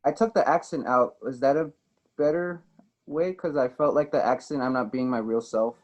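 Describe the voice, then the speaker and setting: A man's voice: medium pitch, moderate pace. A man asking hesitant questions about his wrestling promo. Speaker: wrestling student. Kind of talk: casual chat. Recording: dull lo-fi audio.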